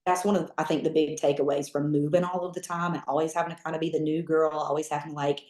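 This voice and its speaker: A woman with a Southern American accent, telling her life story as a lively, chatty interview guest full of fillers. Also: low voice, quick pace, echoey room. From Southern United States. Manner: lively, chatty, many fillers, mimics others in quotes. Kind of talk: animated storytelling in conversation.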